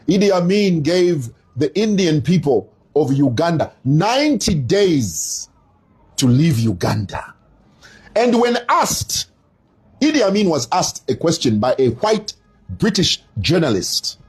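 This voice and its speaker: A Zambian man in his fifties with a Zambian accent, giving casual commentary in an animated, digressive storytelling manner. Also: fairly high pitch, a little slow, husky.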